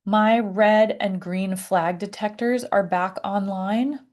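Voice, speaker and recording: A woman talking to camera about her personal healing, halting and searching for words with many fillers and restarts. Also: mid-range voice, steady tone, darkish tone. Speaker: vlogger. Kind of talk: reflective personal talk to camera.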